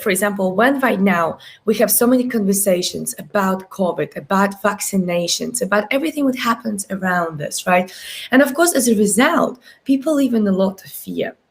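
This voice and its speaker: A woman life coach speaks on a live stream, moving through client stories in a lively, persuasive way. Her pitch leaps up and drops low as she makes her points. She checks in with listeners again and again through short tag questions. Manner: animated storytelling, big pitch swings, frequent tag questions. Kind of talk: live-streamed motivational talk.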